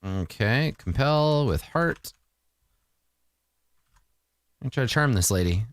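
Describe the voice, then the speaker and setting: A man narrating his solo tabletop game in a relaxed, rambling and self-amused way. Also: mid-range voice, slow pace, no echo.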